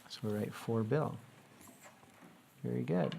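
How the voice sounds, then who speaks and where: A man's voice: medium pitch, slow pace, gravelly, warm tone, slight background noise. A man teaching a grammar lesson to young students, patiently asking questions and coaxing answers.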